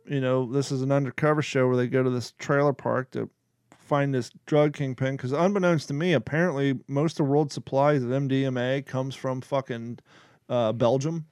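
A man's voice: medium pitch, fairly even intonation, moderate pace, a little mellow, smooth, no echo, clean studio sound. A man hosting a podcast, chatting casually with rambling asides, fillers and jokes. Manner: rambling, joking, many fillers. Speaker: podcast host. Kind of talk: casual chat.

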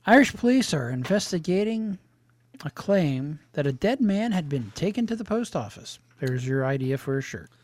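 Co-host guy, higher voice that bounces around a lot, dry sound, wry quips. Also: sing-song, moderate pace, darkish tone, dry recording. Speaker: podcast co-host. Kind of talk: casual chat.

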